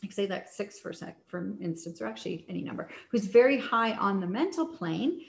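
A woman's voice: medium pitch, animated, a little fast, creaky. A woman sales coach talking in a casual teaching style, chatty, with many fillers and restarts. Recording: echoey room.

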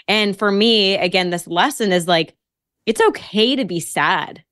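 A woman's voice: mid-range voice, expressive, measured pace, a bit bright, no room sound, studio quality. A woman guest on a podcast, telling a personal story casually and acting out her own quotes.

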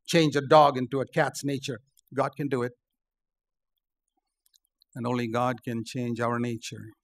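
An older man preaching a sermon, emphatic, rising on key points and dropping low. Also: gravelly. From India. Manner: emphatic, rises to stressed points then drops low.

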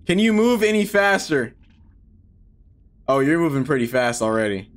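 A man playing a video game and commenting as he goes, swearing and yelling at the game, animated and quick to get angry. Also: mid-range voice. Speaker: gaming video host. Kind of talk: let's play commentary.

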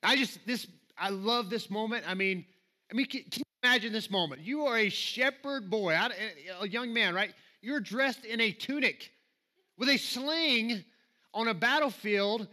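Bright-voiced Southern preacher. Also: male voice, high voice. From Alabama, US. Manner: conversational and self-deprecating, rising to emphatic reading. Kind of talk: sermon. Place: church sanctuary.

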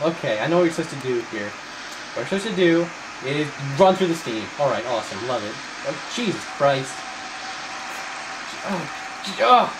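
A man doing profane, mocking commentary over gameplay, swinging into fake excitement and yelling at enemies. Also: a little high, background noise. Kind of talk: sarcastic let's-play commentary.

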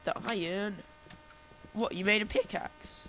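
Steady and measured, a man with a high voice rambles and ribs his buddy while they play a video game, sounding a bit congested from a cold. The audio is poor, with crowd noise behind him.

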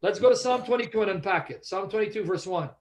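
A man leads a Bible study in a fairly high voice. He is emphatic and keeps quizzing his listeners to make sure they follow. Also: fast. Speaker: Bible teacher.

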